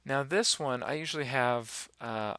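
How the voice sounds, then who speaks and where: A man giving a relaxed, rambling software tutorial, talking through each step with many fillers. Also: mid-range voice, measured pace, no echo. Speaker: animation instructor. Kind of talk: screen-recorded software tutorial.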